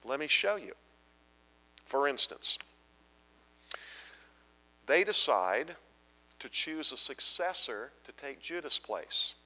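A man's voice: mid-range voice, big pitch swings, slow, long pauses, sharp tone. Emphatic man preaching in a reverberant hall. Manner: emphatic, asks the audience repeated questions. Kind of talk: sermon, Bible teaching.

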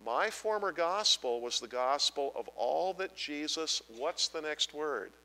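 A man's voice: a little high, expressive, a little slow, sharp tone, long reverb tail, poor audio. A man preaching a Bible-teaching sermon, emphatic and asking the congregation repeated questions.

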